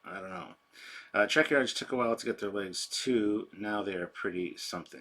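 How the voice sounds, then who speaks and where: A man hosts a casual livestream, chatty and rambling as he answers his chat. His voice is deep and husky yet bright and forceful. A sensitive microphone picks him up close. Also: normal speed. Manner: rambling, chatty, self-deprecating. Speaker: livestream host. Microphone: sensitive desk microphone.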